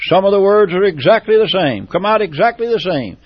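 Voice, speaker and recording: Emphatic repetitive preacher on lo-fi radio. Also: male voice, high voice, animated, brisk, breathy edge, no room sound. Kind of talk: sermon.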